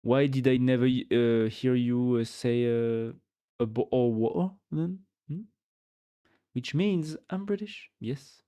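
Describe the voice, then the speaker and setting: A man on a livestream talks loosely with his chat, reading messages aloud and joking back. He rambles and repeats words as he hunts for the next one. His pitch sits right in the middle. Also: slow, warm tone, clear, resonant tone. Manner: rambling, repeats words while searching for them; reads chat aloud and jokes with it. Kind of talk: casual chat with viewers.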